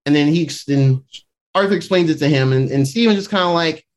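A man's voice: fairly high pitch, fairly quick. A man casually recapping a TV episode for a podcast, acting out the characters' lines with slang. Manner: animated retelling, acting out quotes in a raised voice. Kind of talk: casual chat.

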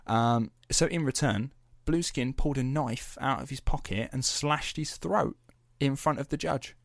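Speaking a little slowly with vocal fry in a mid-range voice, a young podcast host tells a story in a loose, chatty way. He swears freely and pads his talk with fillers, captured in clean studio sound with no echo.

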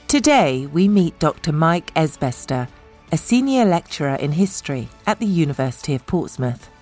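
A woman narrating a feature in a measured, polished, scripted way. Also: low voice, sing-song, darkish tone, soft background music.

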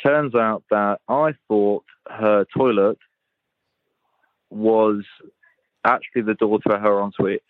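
A young man with a lowish voice tells a rambling story, stopping often for fillers and dropping swear words as he goes. The sound is tinny like a phone line, with a dry, close feel and no room around him. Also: steady tone, slow, pauses often, dry recording. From United Kingdom. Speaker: caller. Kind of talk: casual storytelling voice message.

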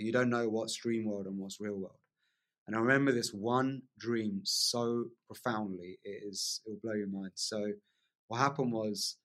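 A man telling a long personal story as a podcast guest, in a lively casual way, often asking "right?" along the way. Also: on the low side. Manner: animated storyteller, frequent "like" and "right?" tags.

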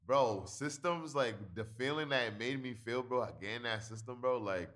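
A man's voice: medium pitch, moderate pace, a bit bright. A young adult man chatting casually as a podcast co-host, telling stories in a rambling, slangy way full of fillers. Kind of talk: casual chat.

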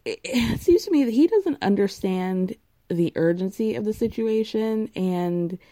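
A woman's voice: mid-range voice, lively intonation, measured pace, dark tone, no room sound, studio quality. A young woman recapping a reality show in casual, sarcastic chat, blunt and swearing freely.

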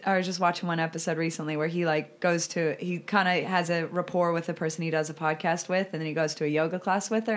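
A woman in frank, casual conversation, swearing freely and laughing often. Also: on the low side. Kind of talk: casual chat.

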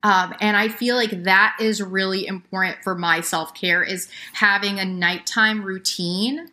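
A woman's voice: medium pitch, steady tone, a little slow, sharp tone. A woman in her thirties chatting casually as a podcast guest, rambling with many restarts. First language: English. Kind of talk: casual chat.

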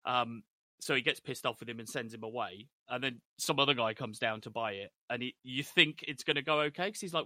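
A man in easy conversation, retelling a TV episode with lively energy. His voice is bright and forward, recorded dry and close with little room sound. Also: medium pitch, fairly quick, dry recording. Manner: animated, acts out characters' lines when retelling. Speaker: podcast co-host. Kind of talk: casual chat recapping a TV episode.

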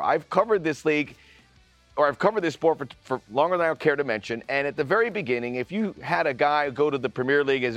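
A man co-hosting a studio sports podcast, talking with enthusiasm and a lively, swooping delivery. His voice sits a little high and sounds close and dry, with faint music underneath. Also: no echo. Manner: enthusiastic, expressive storytelling. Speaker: co-host, broadcaster. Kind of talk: casual studio podcast chat.

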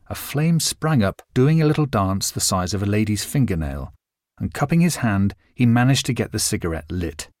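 A man narrates a novel in expressive, scripted storytelling. His pitch moves freely and colorfully through each line. The sound is dry and close, with no room echo. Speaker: audiobook narrator.

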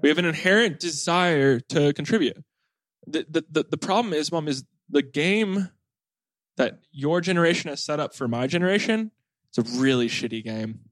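A man's voice: on the high side, moderate pace, dry recording. A man in his late twenties, host of a podcast, telling stories in a casual family chat with lots of "like" fillers. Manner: rambling, heavy on "like" fillers, animated storytelling.

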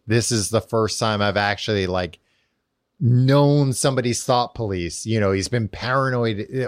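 A man's voice: lowish voice, no room sound, clean studio sound. A man co-hosting a podcast, recapping a book in casual chat with lots of fillers, restarts and laughter. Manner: rambling, filler-heavy, laughs often. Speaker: podcast co-host.

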